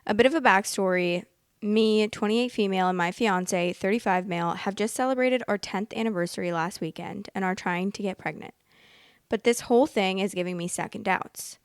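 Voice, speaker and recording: A woman hosts a podcast, reading an online story aloud before breaking off to react to it in her own words. Her voice sits at an ordinary middle pitch, and the sound is dry and close. Her reactions are expressive, full of fillers and restarts as she thinks out loud. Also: moderate pace, clean tone, no room sound. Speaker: podcast host.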